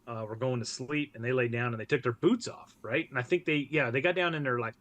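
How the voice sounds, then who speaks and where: Blunt, profane veteran guest. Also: male voice, medium pitch, fast talker, fairly bright tone. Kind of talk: casual podcast interview.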